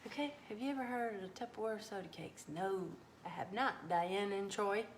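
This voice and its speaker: A woman hosting a casual live cooking stream from her home kitchen, folksy and animated as she reads viewer comments. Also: mid-range voice, normal speed. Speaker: cooking livestream host. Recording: echoey kitchen with faint background noise.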